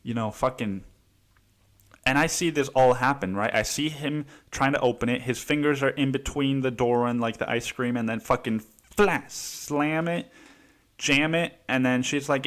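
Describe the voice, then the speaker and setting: A man hosts a podcast and tells a story in a casual, heated monologue, swearing constantly and saying "dude" a lot. His voice is medium in pitch and normal in speed, a bit bright.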